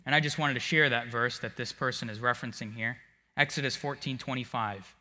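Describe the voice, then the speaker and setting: A male preacher delivering a sermon, swinging from hushed tones to shouting. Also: medium pitch, steady tone, a little fast. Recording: long hall reverb.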